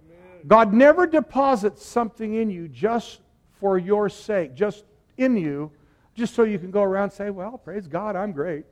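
A man preaching a sermon, leading call-and-response with the congregation and swinging from hushed near-whispers to loud, high-pitched declarations. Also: lively intonation, normal speed. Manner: dynamic, swings from hushed to shouted.

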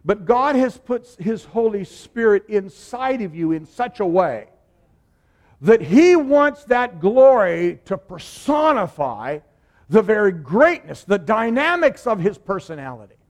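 High-voiced preacher swinging hushed to loud. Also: male voice. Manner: dynamic, swings from hushed to shouted; call-and-response with the congregation. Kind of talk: sermon.

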